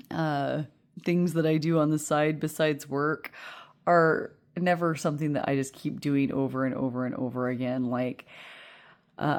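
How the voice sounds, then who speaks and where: A woman's voice: low voice, darkish tone. A woman giving a casual pick-a-card tarot reading, rambling and chatty with many fillers and frequent laughter.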